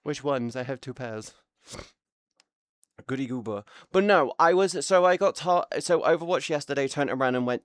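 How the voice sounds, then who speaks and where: A man's voice: medium pitch, normal speed, clean tone, no echo, clean studio sound. A British man streaming live, ranting with a lot of swearing in a casual, exasperated way. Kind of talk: casual livestream rant.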